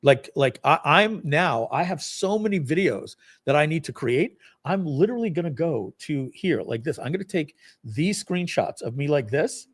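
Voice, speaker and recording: A man hosting a live product launch stream, walking viewers through a software demo in a casual, rambling, self-deprecating way with lots of fillers. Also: fairly high pitch, expressive, normal speed, few pauses.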